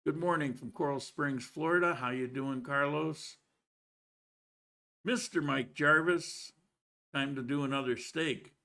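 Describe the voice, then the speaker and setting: A man's voice: on the high side, a little slow, creaky, long pauses, pushed and bright. A man hosting a live stream, greeting viewers by name and chatting casually with frequent restarts. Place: living in Colombia.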